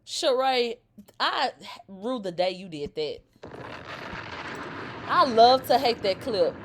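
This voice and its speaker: A woman in her thirties runs a live celebrity gossip stream, reading viewer comments out loud and reacting with animated profanity that swings from a low drawl to sudden shrieks. She speaks slowly, and there's noise in the background.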